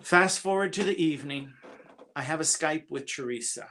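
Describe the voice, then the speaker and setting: A man's voice: fairly high pitch, pushed and bright, a little hiss or hum. A man with a slightly raised voice tells a personal story at a church gathering. He speaks earnestly and confessionally, stumbling and repeating his first words as he goes. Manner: halting, often repeats opening words.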